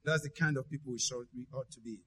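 A man preaching a sermon as a pastor, emphatic, swinging between loud declarations and hushed asides. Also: medium pitch, fast talker, slightly rough.

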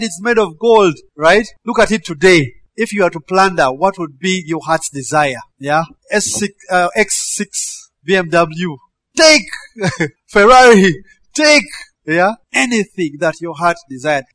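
A man preaching a sermon, animated, breaking into shouted quoted commands and laughing between verses. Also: fairly high pitch, no echo.

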